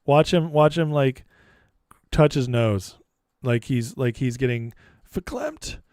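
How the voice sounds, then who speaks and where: A man's voice: mid-range voice, measured pace, a little mellow, clear, resonant tone, no echo, clean studio sound. A man hosting a live political commentary stream, talking casually and mocking the clips he plays with exasperated sarcasm.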